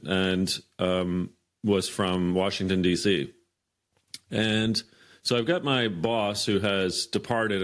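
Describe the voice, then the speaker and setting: A man in his fifties, a podcast guest, telling a workplace story in a lively way and acting out the dialogue. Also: low voice. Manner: animated storyteller, acts out quoted dialogue. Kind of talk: storytelling in an interview.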